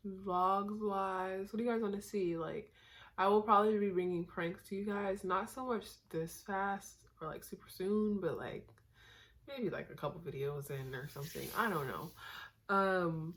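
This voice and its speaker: In an unhurried, medium-pitched voice, a young Northern California vlogger talks casually to her camera. It's late, she's exhausted and goofy, and her rambling is packed with fillers.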